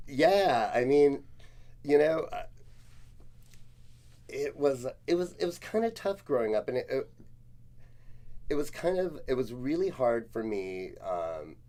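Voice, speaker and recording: A man's voice: medium pitch, big pitch swings, measured pace, long pauses, mellow. A middle-aged man from the Los Angeles area, a guest in a casual interview, telling stories in a laid-back way with many fillers and laughs.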